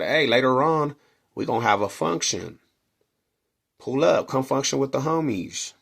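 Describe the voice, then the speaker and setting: A man's voice: fairly low pitch, creaky. A middle-aged man from Denver telling a neighborhood story in slangy casual talk, acting out quotes and punches. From Denver, Colorado.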